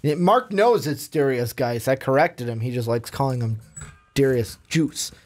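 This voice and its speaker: A man's voice: medium pitch, lively intonation, moderate pace, a little mellow. A man co-hosting a casual sports podcast, rambling a little, tripping over his words and laughing easily. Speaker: podcast co-host.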